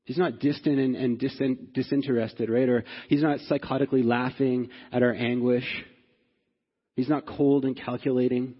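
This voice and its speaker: An earnest male pastor preaching in a husky, breathy voice of middle pitch. His words ring out with a long reverb through a large hall. The sound is a little dull. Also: flat delivery, normal speed. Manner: earnest, repeats "right?" to the congregation; rises in pitch and force when stirred. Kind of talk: sermon.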